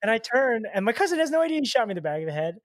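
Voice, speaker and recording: A man in his twenties from Chicago, a guest telling stories in a casual, animated way, full of "like" and "dude". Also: very high voice, racing, no echo, studio quality. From Chicago, USA. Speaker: podcast guest, paintball player. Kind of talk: casual storytelling.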